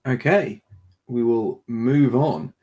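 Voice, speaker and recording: A man hosting a livestream panel chat, reading viewer messages aloud with animated energy and frequent laughter. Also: medium pitch, slow, slightly rough. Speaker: host.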